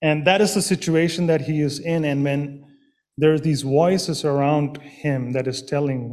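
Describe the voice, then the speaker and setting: A man preaching a sermon in a slow, earnest way, pausing with fillers and restarting his phrases. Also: a little high, steady tone, darkish tone.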